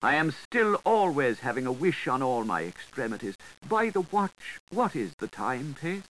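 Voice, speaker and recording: A man voicing a timid, fawning little male creature with a high, whimpering, cheeping voice. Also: very animated, moderate pace, fairly bright tone, a little hiss or hum, low-quality recording. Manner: obsequious and pleading.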